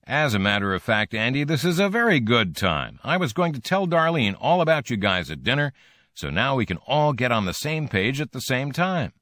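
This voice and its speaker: A man doing a slick, fast-adapting TV producer. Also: medium pitch, big pitch swings, a bit bright, dry recording, clean studio sound, pitched above the performer's own voice. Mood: persuasive. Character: middle-aged male TV producer, slick and quick.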